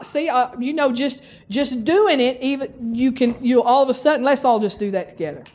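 Woman preacher, middle-aged, high voice, folksy, exhorting, bursts of laughter. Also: brisk, few pauses, a little mellow. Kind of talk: sermon.

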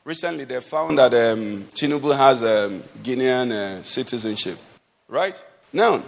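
A man's voice: a little high, fairly bright tone. A man preaching a sermon, asking the congregation rhetorical questions with emphasis. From Nigeria. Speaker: pastor. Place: church hall. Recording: long hall reverb.

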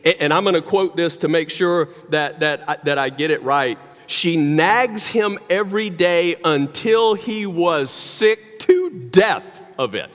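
A man's voice: a little high, animated, measured pace, few pauses, fairly bright tone, soft background music. A man preaching a sermon, telling a story animatedly with wry, joking asides. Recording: long hall reverb.

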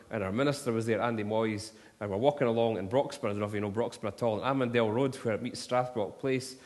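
A man preaching a sermon, telling stories and rising to impassioned appeals. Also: medium pitch. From Scotland. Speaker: pastor. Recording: long hall reverb.

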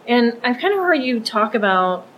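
A woman's voice: fairly high pitch, big pitch swings, normal speed, fairly bright tone, slight background noise, poor audio. A woman hosting an interview, asking questions in a friendly, conversational way. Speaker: interview host.

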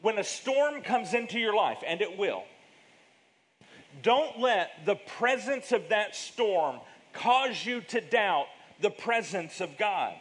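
A male pastor preaching a sermon with emphatic delivery, big swings in pitch and loudness, and drawn-out words. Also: sing-song, low-quality recording.

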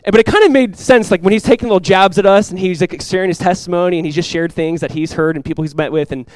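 A young man preaching a sermon, storytelling with animated asides. His voice sits a little high and moves at a rapid clip. The sound is close and dry. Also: no room sound. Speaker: pastor.

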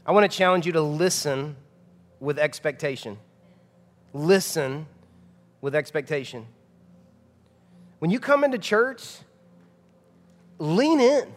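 Pastor, 30s, high voice, conversational emphatic preaching, church reverb. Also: male voice, expressive, takes it slowly, pauses often. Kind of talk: sermon. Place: church sanctuary. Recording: long hall reverb of a church.

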